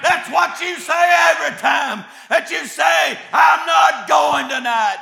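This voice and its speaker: Man, preacher, shouted sermon, very high strained voice, gravelly edge, echoey room. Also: slow, hardly any pauses, some chatter behind. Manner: shouting and dropping to hushed asides, with many "uh" fillers.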